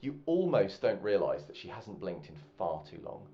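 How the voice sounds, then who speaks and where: A man narrating a tabletop game as game master in a relaxed, rambling way. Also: low-pitched, normal speed. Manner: relaxed, rambling with many fillers. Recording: muffled, with faint music.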